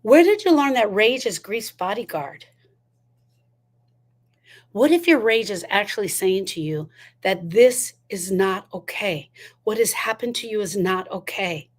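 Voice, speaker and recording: Woman, grief educator, motivational talk, emphatic, rhetorical questions, mid pitch. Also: lively intonation, unhurried.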